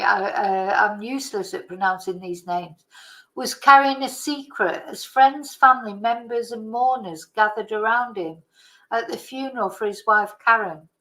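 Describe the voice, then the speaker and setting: Slow-talking woman reading case articles. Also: fairly high pitch, pushed and bright, low-quality recording. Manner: slow and hesitant, stumbles over names. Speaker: channel host. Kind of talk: casual commentary, reading articles aloud.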